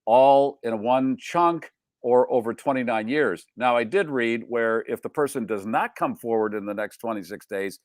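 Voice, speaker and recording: A man's voice: mid-range voice, moderate pace, no echo, studio quality. A man hosting a casual live show, joking around and reading out listener check-ins. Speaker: host.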